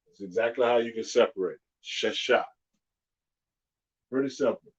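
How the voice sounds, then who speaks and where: A man teaching a live-streamed alphabet lesson, patiently repeating each sound slowly and clearly. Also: medium pitch, highs cut off. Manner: slow, drawn-out pronunciation drills.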